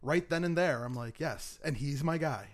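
A man co-hosting a casual podcast chat, telling stories with animated acted-out quotes. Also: a little high, moderate pace. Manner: animated storyteller, acts out quotes. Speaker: podcast co-host.

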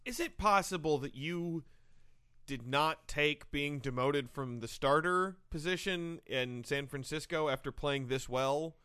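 A man's voice: a little high, unhurried, pushed and bright, smooth. A man co-hosting a sports comedy show, asking incredulous, probing questions. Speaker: co-host. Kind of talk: sports radio comedy chat.

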